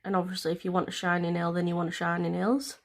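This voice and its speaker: A woman's voice: on the low side, flat delivery, fast, background noise. A woman vlogger, explaining a nail tutorial in a chatty, rambling way with plenty of fillers. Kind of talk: casual step-by-step tutorial.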